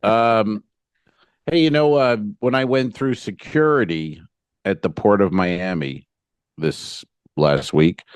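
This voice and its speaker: A man co-hosting a comedy podcast, telling an exasperated story in a casual, animated way. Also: fairly low pitch, slow pace, clear, resonant tone, dry recording. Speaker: podcast co-host and cruise ship entertainer. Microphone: podcast mic on a boom arm.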